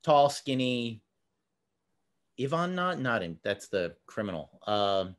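Man, podcast host, casual chat, anecdotes, laughs often, mid pitch. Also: very animated, clear, resonant tone. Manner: chatty, anecdotal, quick laughs.

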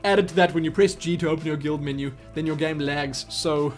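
Higher-voiced man chatting casually on webcam. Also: steady tone, a little fast, soft background music. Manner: rambling, self-deprecating, chatty. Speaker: channel host answering viewer questions. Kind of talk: casual Q&A chat. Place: at a home computer. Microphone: webcam microphone.

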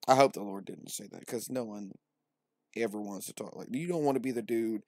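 A man's voice: fairly low pitch, a little fast, darkish tone, dry recording. A man retelling scripture as comedy, profane and slangy, with a wry tone and hesitant restarts.

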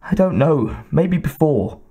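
A man's voice: a little high, animated, measured pace, dark tone, slightly rough, voice pushed up, full character voice. A man voicing a terrified woman officer. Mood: urgent. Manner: pleading and breathless. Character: frightened young woman officer under attack.

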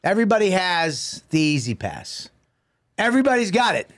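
A man co-hosts a comedy podcast and rants bluntly in an exasperated, swearing tone. His voice sits fairly high for a man, recorded close on a studio mic. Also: big pitch swings, normal speed, a bit bright, no echo. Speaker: podcast co-host.

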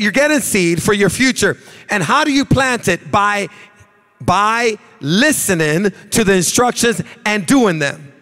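A man preaching from the pulpit with a high voice, repeating phrases and lifting them into shouted, sing-song emphasis. His sermon rings with the long reverb of a church hall. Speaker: pastor. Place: church sanctuary.

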